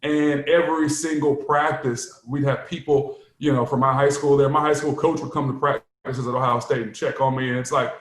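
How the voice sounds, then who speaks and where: A man who played the game, chatting casually and telling lively stories with laughs. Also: medium pitch, normal speed, few pauses, echoey room. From United States. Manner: animated storyteller, laughs often. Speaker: podcast co-host, former player. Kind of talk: casual chat.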